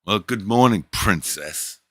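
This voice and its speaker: A man's voice: lowish voice, expressive, unhurried, fairly bright tone, no room sound, clean studio sound. A middle-aged man hosting a livestream, talking in a crude, boastful and teasing way. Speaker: livestream host. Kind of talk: casual livestream chat.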